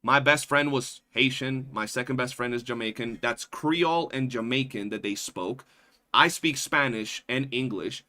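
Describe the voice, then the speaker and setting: Slangy New streamer guy, bright voice. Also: medium pitch, normal speed. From New York. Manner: loose, profane, slangy, keeps saying bro. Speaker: livestreamer. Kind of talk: casual chat with viewers.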